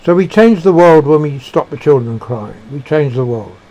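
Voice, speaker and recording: A man giving a reflective monologue, halting and searching for words with frequent restarts. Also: on the high side, expressive, mellow, dull audio. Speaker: speaker sharing personal beliefs.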